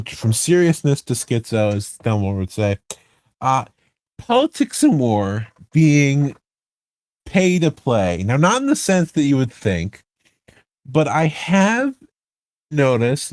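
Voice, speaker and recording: A man's voice: mid-range voice, darkish tone, no room sound. Male podcast host, mid-range voice, rambling and self-correcting, dry studio sound. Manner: rambling, self-correcting, builds points with rhetorical questions. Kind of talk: casual podcast chat about online game politics.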